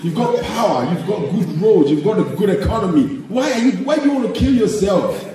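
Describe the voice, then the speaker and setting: A man from Nigeria with a Nigerian accent, performing a stand-up comedy set and mimicking parents and children in squeaky voices. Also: expressive, fairly quick, slight background noise. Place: large theater stage. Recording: echoey live hall from a distance, loud crowd laughter.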